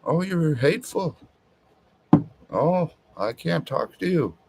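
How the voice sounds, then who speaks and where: A whiny, fearful woman, as a man puts her on, cries out in a squeaky falsetto that sits far above his natural voice. The whimpering is overdone and mocking. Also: lively intonation, slow, gravelly, very noisy, exaggerated voice.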